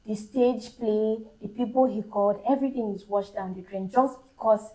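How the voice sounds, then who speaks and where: Measured woman guest on a podcast. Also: mid-range voice, mellow, low-quality recording. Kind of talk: casual podcast discussion.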